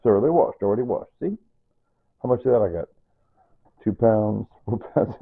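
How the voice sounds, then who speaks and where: A man's voice: on the low side, lively intonation, moderate pace, vocal fry, husky, phone-quality sound. A man chatting loosely while cooking in his home kitchen, rambling and repeating himself as he explains each step. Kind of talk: unscripted cooking video chat.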